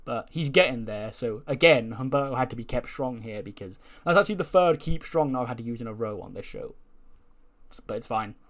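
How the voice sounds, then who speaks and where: A man's voice: mid-range voice, expressive, fairly quick. Man, game narrator, casual commentary, chatty, laughs often. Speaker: let's play narrator.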